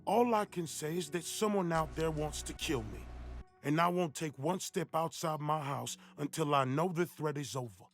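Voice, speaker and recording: Guy voicing a jumpy grumpy shut-in, gravelly, kinda high, snaps at people. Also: normal speed, soft background music, close to an everyday voice. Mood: suspicious. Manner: curt and suspicious. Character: reclusive, frightened, grumpy man in hiding.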